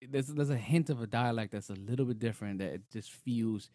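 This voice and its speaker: A man co-hosting a casual show chat, talking in an animated, rambling way with lots of fillers. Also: medium pitch, fairly quick, dry recording, clean studio sound. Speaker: podcast co-host. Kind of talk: casual chat reviewing a TV episode.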